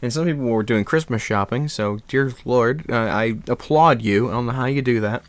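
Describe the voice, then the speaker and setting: A young man vlogging in a rambling, animated casual chat, laughing and swearing now and then. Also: medium pitch, normal speed, dry recording.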